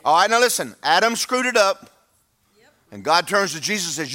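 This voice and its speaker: A man's voice: high-pitched, sing-song, fairly quick, bright, forceful tone. A man, preaching a sermon to his church in a folksy, humorous, emphatic way. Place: church sanctuary.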